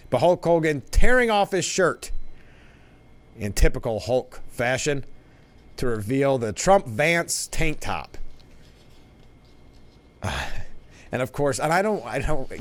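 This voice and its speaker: Man hosting a talk show, low voice. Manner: conversational, frequent restarts and asides. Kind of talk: casual political commentary. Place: broadcast studio.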